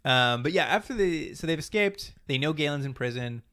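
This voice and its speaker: A man's voice: on the high side, expressive, pushed and bright. A man co-hosting a podcast, recapping an episode in a rambling, casual way and acting out the characters' lines. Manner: fast, rambling retelling with acted-out quotes and laughs. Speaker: podcast co-host.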